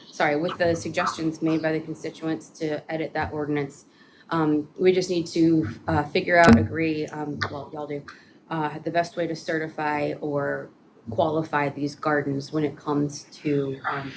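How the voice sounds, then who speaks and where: A city staff woman explains an ordinance to a committee, her voice sitting very low. She talks haltingly with frequent fillers and restarts. A steady room hum runs clearly behind her. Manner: hesitant, many fillers and restarts. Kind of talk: committee meeting briefing.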